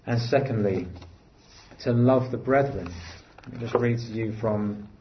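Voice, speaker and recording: A man preaching a sermon in an earnest way, rising to emphatic lines and dropping to quiet, low phrases. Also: a little slow, lo-fi sound, slight background noise.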